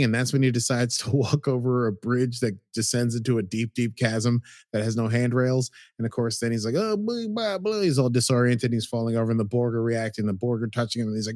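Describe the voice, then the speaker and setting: A man's voice: mid-range voice, darkish tone, no echo, studio quality. A man casually recapping a TV episode as a podcast co-host, rambling and chatty with lots of "like"s.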